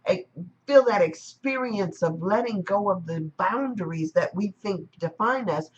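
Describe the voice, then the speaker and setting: A woman's voice: mid-range voice, expressive, unhurried, lo-fi sound, slight background noise. A woman giving a live-streamed spiritual talk in a reflective manner, repeating and rephrasing her ideas. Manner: reflective, repetitive phrasing. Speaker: spiritual teacher.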